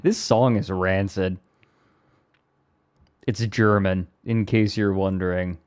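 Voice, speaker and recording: Slow, low-voiced male streamer. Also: fairly even intonation, darkish tone, clear, resonant tone. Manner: rambling, self-amused, breaks into laughter. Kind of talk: casual live-stream chat.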